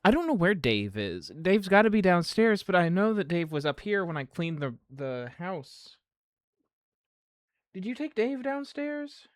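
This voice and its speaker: A woman streamer talks casually into her desk microphone, and her pitch swings freely up and down. She rambles, trips over her words and restarts her sentences, with a slightly low voice for a woman. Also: big pitch swings, moderate pace, hardly any pauses, dry recording.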